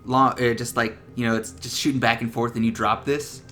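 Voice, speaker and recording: A man's voice: mid-range voice, fairly even intonation, fairly quick, fairly bright tone. A young man giving casual, profane gameplay tips as a voice-over, laughing at his own jokes. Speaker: gaming video creator.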